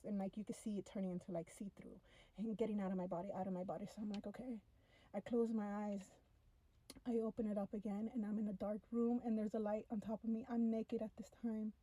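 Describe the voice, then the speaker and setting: A young woman tells a first-person story to camera in an animated, breathless way, with many "like" fillers. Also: medium pitch, no echo, rough recording.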